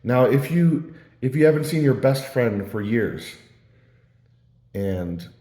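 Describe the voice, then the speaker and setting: A man's voice: medium pitch, lively intonation, slow pace, warm tone. A man telling stories in a casual, meandering ramble, full of fillers and restarts. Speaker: vlogger. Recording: roomy echo.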